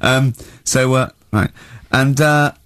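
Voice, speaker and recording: A man's voice: medium pitch, slow, clear, resonant tone, dry recording, studio quality. A man with an English accent hosting a comedic radio show, mocking and telling stories with frequent giggling. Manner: giggly, mocking, animated storytelling. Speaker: radio host. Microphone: studio microphone.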